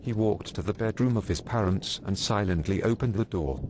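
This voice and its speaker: A man telling crude jokes as a narrator, in a deadpan storytelling manner with teasing rhetorical questions. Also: fairly low pitch, moderate pace. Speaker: joke narrator. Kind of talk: scripted joke storytelling. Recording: noisy background hiss.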